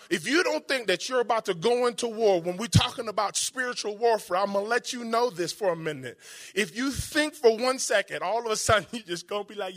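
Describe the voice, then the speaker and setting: High, bright-voiced preacher man. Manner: emphatic, conversational preaching with dramatic pauses and slowed quotes. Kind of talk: sermon.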